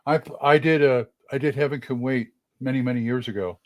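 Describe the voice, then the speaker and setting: A man's voice: mid-range voice, fairly even intonation, a little fast, darkish tone, no echo. A middle-aged man from Oklahoma, co-hosting a casual livestream and telling chatty, easygoing anecdotes. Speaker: podcast co-host. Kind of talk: casual chat.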